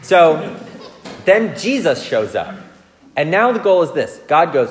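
A man preaching a sermon, telling self-mocking stories in a lively way and checking in with the audience. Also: on the high side, takes it slowly, long pauses. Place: large church hall. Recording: long reverb of a large church hall.

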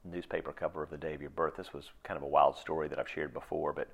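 A man in his sixties preaching a sermon in a reflective, halting way, with pauses and restarts. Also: extremely low pitch, little pitch movement, vocal fry, breathy edge. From United States. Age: 60s. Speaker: pastor.

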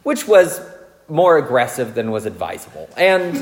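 A man preaching a sermon, telling self-mocking stories in a lively way and checking in with the audience. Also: on the high side, normal speed, slight background noise. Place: large church hall. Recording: long reverb of a large church hall.

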